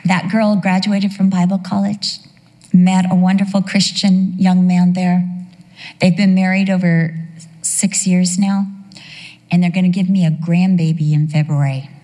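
A woman's voice: on the low side, level tone, a little slow, warm tone. A middle-aged woman preaching a sermon, telling a personal story in an emotional, emphatic way. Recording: long hall reverb.

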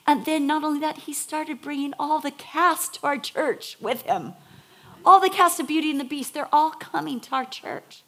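A woman preaching a sermon, telling a personal story with lively acted-out quotes and soft whispered emphasis. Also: high-pitched, moderate pace.

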